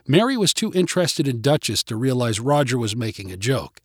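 A man narrating a storybook in an expressive, even-paced way. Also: mid-range voice, fairly quick, hardly any pauses, dry recording, clean studio sound. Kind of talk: storybook reading.

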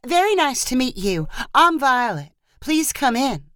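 A woman's voice: high-pitched, sing-song, measured pace, fairly bright tone, no echo, studio quality, voice pushed up, full character voice. A woman voicing a hesitant, reluctant teenage girl in a storybook reading, speaking timidly. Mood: composed. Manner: timid, stammering.

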